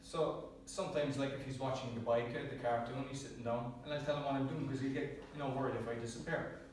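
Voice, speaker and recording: A man's voice: mid-range voice, fairly even intonation, fast talker, a little hiss or hum. An Irish man giving a prepared humorous speech at a speaking club, joking and self-deprecating, often chuckling at his own lines. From Ireland. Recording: very echoey room, distant mic.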